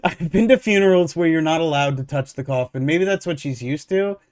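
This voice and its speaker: A man hosting casual reaction commentary, ranting in an animated, sarcastic, opinionated way. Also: fairly high pitch, brisk. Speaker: streamer reacting to online posts.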